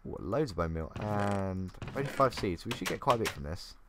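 Brisk and animated, this young man's fairly low voice carries over a noisy background and faint keyboard clicks. He's a gaming YouTuber chatting casually through a game, thinking out loud and poking fun at himself.

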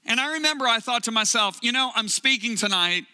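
A man preaching a sermon, telling a personal story in an earnest, emphatic way with drawn-out pauses. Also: very high-pitched, expressive, pushed and bright.

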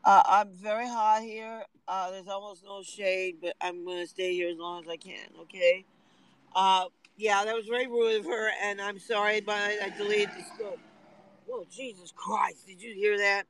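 A man's voice: high-pitched, steady tone, normal speed, a bit bright, clean tone, low-quality recording. A man rambling through a livestream monologue from a parked car in the hot sun, complaining and aggrieved, at times tearful.

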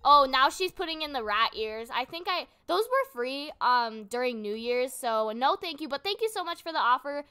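Bright, high-voiced young woman narrating gameplay. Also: expressive, moderate pace, few pauses, smooth. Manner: chatty, giggly, thinks aloud while trading. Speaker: gaming channel host. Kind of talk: casual gameplay commentary.

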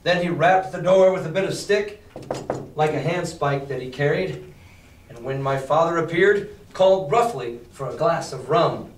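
A man's voice: a little high, normal speed, a little hiss or hum. A man teaching a class who reads a novel aloud and explains it in casual, chatty words. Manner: chatty, paraphrases the text in casual slang. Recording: roomy classroom, mic far off.

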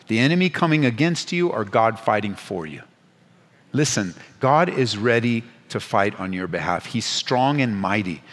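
A man preaching as a pastor at a Bible study, moving between hushed, intimate lines and loud, urgent exhortation, with playful asides. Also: medium pitch, long reverb tail. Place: church sanctuary.

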